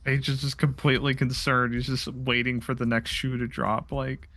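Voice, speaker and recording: A man's voice: medium pitch, little pitch movement, moderate pace, sharp tone, a little hiss or hum. A man playing a tabletop role-playing game, speaking hesitantly with stammers. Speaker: player.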